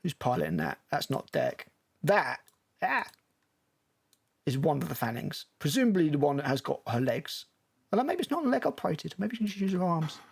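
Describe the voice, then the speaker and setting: A man's voice: fairly high pitch, very animated, moderate pace, gravelly, breathy edge. A male film critic giving blunt, sarcastic, profane commentary while reacting to a movie trailer.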